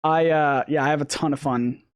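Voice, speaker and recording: A man's voice: fairly high pitch, fairly even intonation, moderate pace. Rambling man hosting a chill stream. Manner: rambling, many restarts and fillers. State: losing his voice. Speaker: host. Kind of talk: casual stream chat.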